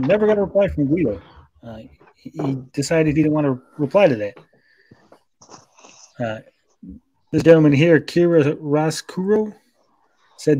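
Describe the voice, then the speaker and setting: A man's voice: fairly high pitch, lively intonation, normal speed, pauses often, dark tone, a little hiss or hum. A man co-hosting a casual podcast, reading out social media posts with sarcastic asides. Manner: sarcastic, reads posts aloud with mock voices. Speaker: podcast co-host. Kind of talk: casual chat reading tweets aloud.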